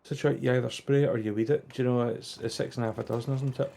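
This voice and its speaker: A man's voice: medium pitch, steady tone, quick pace, vocal fry, warm tone. A British man joining a game stream, chatting casually with dry, joking quips. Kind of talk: casual gaming chat.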